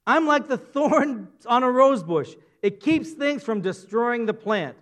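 Indignant hothead guy a man doing the voice, high voice, always excusing himself. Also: a bit bright, full character voice. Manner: self-justifying, indignant. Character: quick-tempered adult man making excuses.

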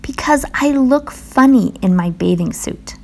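Fussy, easily upset toad voiced by a woman; whiny, rising to wails, gravelly edge. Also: sits high, expressive, unhurried, a little mellow, pitched above the performer's own voice, heavily acted. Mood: sheepish.

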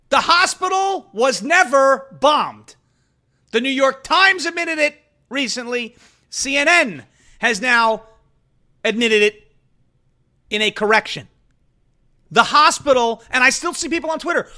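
Brash male commentary host, bright forceful voice, sarcastic, mocking. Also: extremely high pitch, lively intonation, a little slow, long pauses. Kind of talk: political commentary show.

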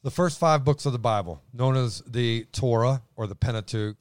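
An excitable man teaching the Bible in a casual chat, his voice booming as he stumbles over restarts. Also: moderate pace, no room sound, clean studio sound.

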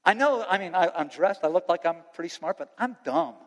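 Man, youth pastor, sermon, high voice, impassioned, long reverb. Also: animated, a little fast. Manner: impassioned, swings from loud preaching to quiet earnest talk.

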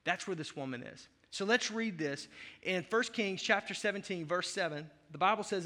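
A male pastor preaching in a high, very bright, sharp voice. He is emphatic and conversational, slipping in playful asides, and his words echo with the long reverb of a large hall. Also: normal speed. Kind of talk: sermon.

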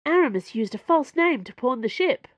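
A woman's voice: high voice, expressive, normal speed, no room sound, muffled recording, voice pushed up. A woman voicing an awkward, hesitant young woman in a read-aloud story. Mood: nervous.

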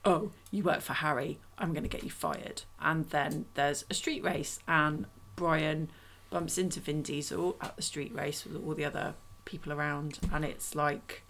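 A woman's voice: low voice, fairly bright tone, slight background noise. A woman casually chatting on a podcast, recapping a film in a rambling, self-mocking way. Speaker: podcast co-host reviewing a film. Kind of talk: casual chat.

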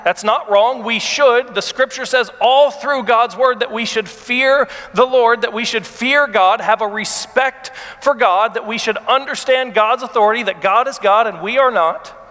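A man in his thirties preaching a sermon, earnest and halting, with many repeated words, and he grows emotional as he speaks. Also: sits high, pushed and bright, long reverb tail. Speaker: pastor.

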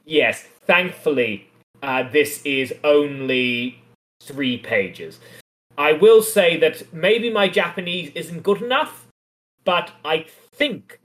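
A man's voice: mid-range voice, measured pace, fairly bright tone. A man co-hosting a podcast, casually and wryly analyzing a comic adaptation. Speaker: podcast co-host.

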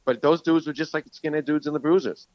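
A man hosting a casual chat who swears a lot and tells animated stories. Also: a little high, fast talker, dry recording, muffled recording. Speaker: podcast host.

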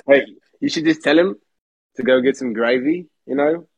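A man's voice: mid-range voice, normal speed, slightly rough, no room sound, highs cut off. A man guesting on a podcast, rambling with absurd non sequiturs. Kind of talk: casual podcast banter.

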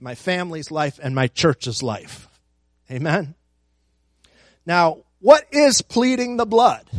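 A middle-aged male pastor delivering a sermon in a measured, unhurried cadence, his voice sitting a little high for a man. He leans hard on repeated phrases, swelling in force as he builds a point. The sound is close and dry, with no room around it. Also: a bit bright, no echo.

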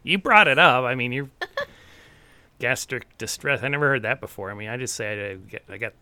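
Male player; laid-back, jokey, gravelly with a bright edge. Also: medium pitch, moderate pace. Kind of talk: casual tabletop play.

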